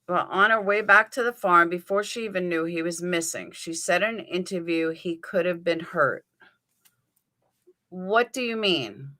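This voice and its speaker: A woman with a New York accent hosts a casual livestream and talks straight to her chat. Her voice sits a little low, with a bright, tense edge. She thinks out loud and answers viewers by name as she goes. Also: moderate pace. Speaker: livestream host. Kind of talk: live chat commentary.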